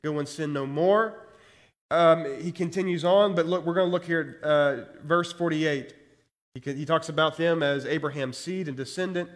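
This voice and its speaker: A man's voice: a little high, normal speed. A male pastor preaching, reading Bible verses aloud and commenting on them with growing intensity. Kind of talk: expository sermon reading scripture.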